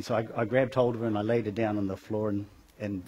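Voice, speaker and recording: Middle-aged guy w a husky voice, earnest church testimony, lots of ums, kinda rambly. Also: fairly low pitch, fairly even intonation, quick pace, darkish tone. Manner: earnest, rambling storytelling with many fillers. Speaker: church member giving a testimony. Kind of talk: personal testimony and prayer at a church service.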